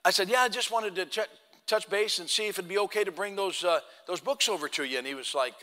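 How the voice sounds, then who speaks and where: A male pastor preaching a sermon, telling a story and acting out the voices in it, swinging between loud and hushed. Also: high-pitched, quick pace. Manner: acts out quoted dialogue, swings from loud to hushed. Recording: long hall reverb.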